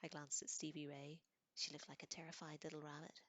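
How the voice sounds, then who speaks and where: A woman reading a novel aloud in a soft voice that often drops to a whisper, with casual asides. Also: sits low, level tone, fairly quick, no echo. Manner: casual asides between passages. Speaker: audiobook reader.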